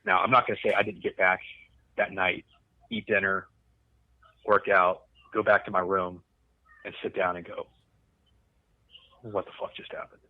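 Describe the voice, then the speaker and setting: A Coast Guard veteran telling a rambling, profane story in casual conversation. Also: male voice, low voice, little pitch movement, normal speed, long pauses, narrow, tinny audio. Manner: rambling, profane, restarts often.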